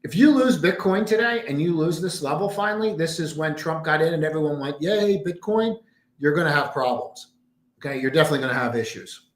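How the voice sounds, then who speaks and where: In a home room of his condo, a man hosts a casual market-analysis livestream, rambling emphatically and muttering asides to his screen. His voice is fairly high and quick-paced, and the recording carries a roomy echo.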